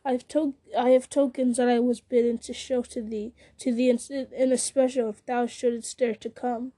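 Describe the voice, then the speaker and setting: A woman reading aloud, voicing a scornful, mocking male herald who serves a dark lord. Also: fairly high pitch, little pitch movement, moderate pace, lightly acted. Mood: taunting. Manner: taunting, sneering, laughing at others.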